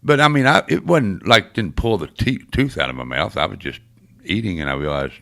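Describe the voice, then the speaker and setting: A man's voice: sits low, expressive, fairly quick, creaky, sharp tone, no room sound. A man in his sixties hosting a morning radio show, talking in a folksy, rambling way with lots of uhs. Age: 60s or older. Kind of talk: casual morning radio chat. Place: radio studio.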